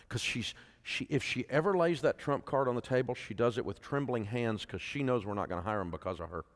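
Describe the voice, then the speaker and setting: Folksy man telling stories. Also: fairly low pitch. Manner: folksy storytelling, asks the crowd questions. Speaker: speaker at a conference. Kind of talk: speech to an audience. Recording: long hall reverb.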